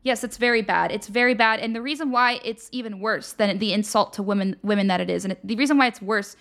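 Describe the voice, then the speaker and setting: A woman's voice: mid-range voice, fast talker, creaky, a bit bright. A young woman hosting a live online show, chatting casually with many fillers and reading viewer comments aloud. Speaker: livestream show host. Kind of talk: casual opinion livestream, reading chat.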